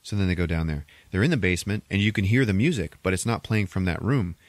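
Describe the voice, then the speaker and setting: A man hosting a podcast, retelling a horror movie plot in casual, profane, animated speech. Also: deep voice, quick pace, dry recording. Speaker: podcast host.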